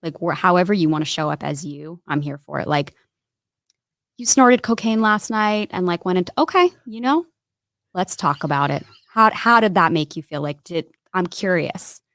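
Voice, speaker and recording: A woman guest on a studio podcast, talking in an earnest, candid way with lots of "like" and "right?" tags. Her voice sits low and has a gravelly fry. The sound is close and dry. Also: normal speed, a bit bright, no room sound. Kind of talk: candid conversational interview.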